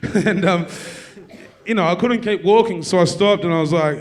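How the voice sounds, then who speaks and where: A man with an Australian accent doing a stand-up comedy set, telling dark stories in a profane, deadpan way. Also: medium pitch, normal speed, pauses often. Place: university theatre with live audience.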